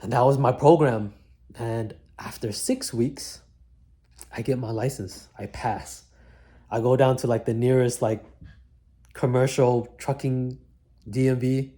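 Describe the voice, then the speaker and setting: Mellow-voiced man telling his story. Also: mid-range voice, steady tone, unhurried, pauses often. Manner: casual slangy talk, many likes and mans. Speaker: vlogger recounting his life. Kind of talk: one-take reflective storytelling. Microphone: single mic, one take.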